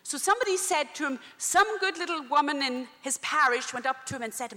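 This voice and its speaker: A woman's voice: high-pitched, a little fast, few pauses, big-room sound. A Catholic religious sister preaching and telling faith stories, acting out the people she quotes. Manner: animated storytelling, acts out the people she quotes.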